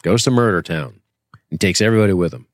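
A man's voice: fairly low pitch, fast talker, no room sound, studio quality. A man co-hosting a podcast in casual, joking chat, swearing freely. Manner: swearing, joking, slips into a drawled fake Southern voice. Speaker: podcast co-host.

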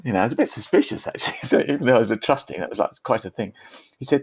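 A man's voice: medium pitch, very fast, husky, dry recording. A man, a podcast guest, telling a personal story in a chatty, self-deprecating way with frequent restarts. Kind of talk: conversational storytelling.

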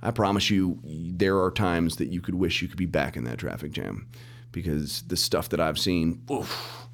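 Middle-aged podcast guest with a very low voice, animated storyteller who acts out quotes. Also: male voice, moderate pace. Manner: animated storyteller, acts out quoted dialogue, restarts and laughs often. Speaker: mortgage lender and podcast guest. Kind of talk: casual storytelling interview.

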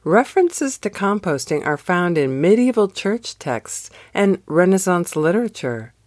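Low-voiced woman reading a devotional. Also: no echo, studio quality. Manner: slow, expressive storytelling read. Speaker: devotional podcast host. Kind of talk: scripted devotional narration.

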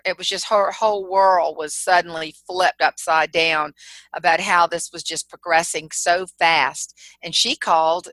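A middle-aged woman with a Southern accent from South Carolina, a humorist guest telling lively stories in a casual interview and laughing often. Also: on the low side, no room sound, poor audio. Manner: storytelling, animated, laughs often.

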